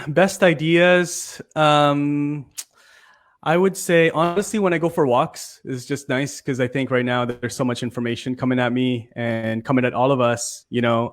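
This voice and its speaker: A man's voice: medium pitch, fairly bright tone. Talk-show guest: a man from Canada, casual, with a mid-range voice and easy filler-heavy chat. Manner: chatty, loose, with many fillers.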